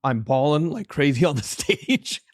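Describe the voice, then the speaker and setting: A man's voice: on the high side, expressive, a little slow, no echo, studio quality. Heartfelt man telling a story. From Canada. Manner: heartfelt, anecdotal, quotes his own dialogue. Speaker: author and trainer, guest. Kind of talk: storytelling in a podcast interview.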